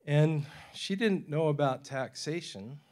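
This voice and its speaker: A man speaking at a public forum in a university lecture room. He tells stories in a lively way and often laughs. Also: a little high, takes it slowly. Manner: animated storyteller, acts out quoted voices, laughs often.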